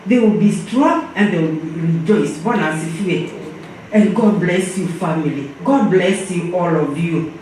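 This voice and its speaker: An older woman with a Kenyan accent speaks fervently, like a preacher, at a memorial service, repeating "praise the Lord." She is heard from far off in an echoey church hall with a little hiss or hum. Her voice is fairly low, unhurried and a little mellow.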